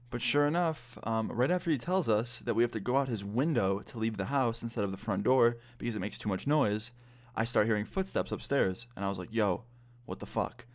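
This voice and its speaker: A vlogger of about twenty with a fairly low voice tells a story in a casual storytime style. He retells it in a lively way and swears freely.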